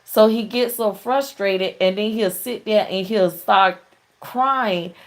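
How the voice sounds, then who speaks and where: Slow-talking chatty woman host. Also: mid-range voice. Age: middle-aged. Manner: chatty, laughing storyteller. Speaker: talk show host. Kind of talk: casual call-in show chat.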